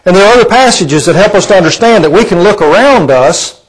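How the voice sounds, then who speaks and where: A man's voice: high-pitched, lively intonation, quick pace, rough recording. A man preaching a sermon in a conversational, folksy way, often asking his listeners rhetorical questions. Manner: asks the congregation rhetorical questions.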